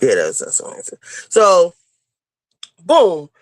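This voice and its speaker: Her voice is lowish, with wildly swooping pitch, and she takes it slowly as she rambles through a story loaded with fillers and profanity. She's co-hosting a chat show on a clip-on microphone, moving about indoors before heading outside, and there's no echo.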